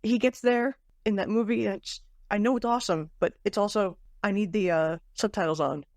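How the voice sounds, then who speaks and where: A woman's voice: mid-range voice, steady tone, a little fast, a little mellow, dry recording, studio quality. A woman co-hosting a podcast, chatting casually about a book with fillers and restarts. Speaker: podcast co-host. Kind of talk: casual book club chat.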